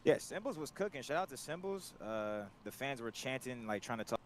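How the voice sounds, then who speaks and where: A man's voice: medium pitch, expressive, fairly quick, slight background noise. A man, a team coach, chatting casually in agitated, profane stories. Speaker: team coach at a live event. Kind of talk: casual podcast chat.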